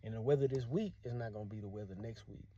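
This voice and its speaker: Vlogger, man, deep dark tone, earnest and encouraging, dull lo-fi recording. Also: quick pace, slightly rough. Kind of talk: casual talk to camera.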